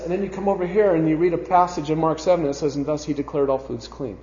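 Guy teaching bible class, kinda high voice, echoey hall sound, emphatic, repeats himself a lot. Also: steady tone, quick pace, warm tone, a little hiss or hum. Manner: emphatic, conversational, repeats words while thinking. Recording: echoey, dull room recording.

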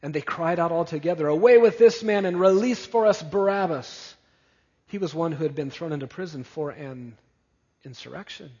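A man's voice: a little high, breathy edge. Male preacher in an echoey hall. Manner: emphatic, building repetition. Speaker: pastor. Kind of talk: expository sermon. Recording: dull, echoey church hall.

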